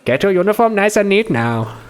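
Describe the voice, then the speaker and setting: A man's voice: high voice, big pitch swings, fairly quick, clean tone, voice pushed up. A man voicing a strict woman camp leader in a put-on Indian accent, scolding and bossy.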